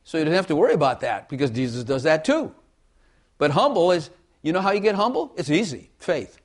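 Male preacher, light-pitched, folksy sermon delivery, calls for amens. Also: sing-song, fairly quick. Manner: folksy, repeats phrases, asks the congregation for amens.

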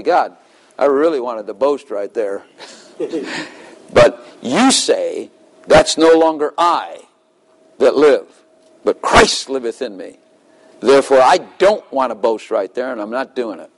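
A middle-aged man preaching in a relaxed, chatty way. He laughs often and slips into short acted-out exchanges with God, and his pitch sits in an ordinary middle range for a man. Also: poor audio. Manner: conversational, laughs often, acts out dialogues with God. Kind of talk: sermon.

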